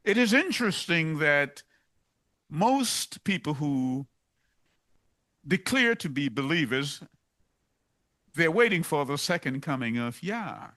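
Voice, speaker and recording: A man's voice: a little high, big pitch swings, slow pace, long pauses, sharp tone. A man preaching a sermon, emphatic and driving points home by repeating them.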